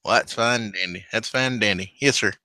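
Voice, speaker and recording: A man's voice: lowish voice, quick pace, pushed and bright, slight background noise. A man voicing a blunt, chatty rural American character with a plain-spoken country drawl in a tabletop role-play. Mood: easygoing.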